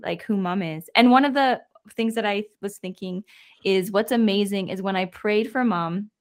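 A woman's voice: medium pitch, normal speed. A young adult woman, a daughter and podcast guest, speaking earnestly about faith and family, with many "like" fillers. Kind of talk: reflective conversational sharing.

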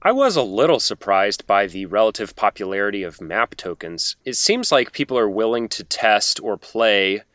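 A man's voice: fairly low pitch, sing-song, moderate pace, hardly any pauses, a bit bright, no room sound, clean studio sound. A man who is a podcast guest, explaining at length in a thoughtful, casual way.

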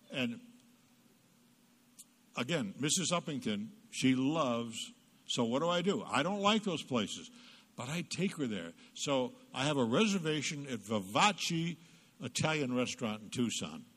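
Male guest speaker, comic church talk; bright, emphatic, plays both sides of dialogue. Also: mid-range voice, lively intonation, unhurried, long reverb tail. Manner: comic storytelling, acting out both sides of conversations; punchy, emphatic asides to the audience.

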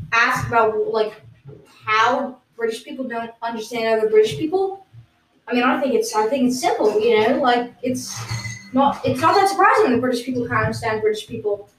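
A fake British guest on an improvised comedy podcast, played by a woman, with no real accent and a rambling, deadpan manner. The voice sits fairly high. It sounds distant from the mic in a roomy space. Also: moderate pace, a little hiss or hum, lightly acted. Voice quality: plain American-sounding voice. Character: self-proclaimed British guest, not convincing.

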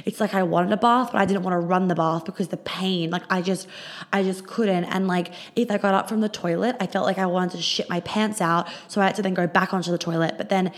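A woman's voice: lowish voice, steady tone, fairly quick. A young Australian woman hosting a podcast, telling a rambling story in a casual way, swearing freely and using lots of fillers. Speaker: podcast host.

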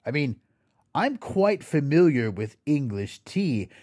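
A man hosting an educational podcast, reading a scripted explanation slowly and carefully and spelling words out letter by letter. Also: fairly high pitch, sing-song, a little mellow, dry recording, clean studio sound. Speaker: podcast host.

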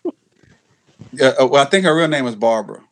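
A man with a Louisiana accent, a musician guest telling a story in casual chat, halting and restarting often. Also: medium pitch, animated.

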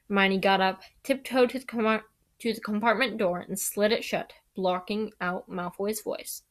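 A woman reading a novel aloud and doing character voices, lively, with frequent stumbles and restarts. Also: medium pitch, normal speed. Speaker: reader.

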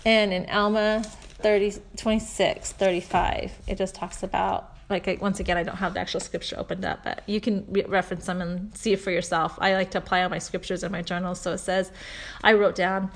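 A woman in her forties, a mother talking through a faith story and scripture lessons in a chatty, earnest way, softer when she reads verses. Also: medium pitch, level tone, a little fast, creaky. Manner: chatty storytelling, warm earnest asides with soft laughs. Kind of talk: casual religious talk.

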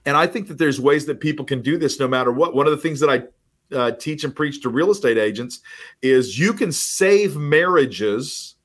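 A man speaking as a podcast guest who coaches real estate agents, telling stories with lively acted-out dialogue. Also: mid-range voice, fast. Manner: animated storyteller, acts out quoted dialogue. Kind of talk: casual podcast conversation.

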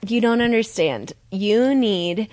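A woman voicing her blunt, straight-talking psychic friend in a story, in a middle-pitched voice. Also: lively intonation, slow, a little mellow. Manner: blunt, matter-of-fact.

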